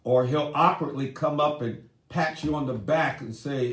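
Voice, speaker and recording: A man's voice: on the high side, fairly bright tone. A man giving an earnest talk on men and grief, speaking directly to his listeners. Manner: earnest, deliberate, addresses audience directly. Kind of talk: seminar talk. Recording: roomy echoey room.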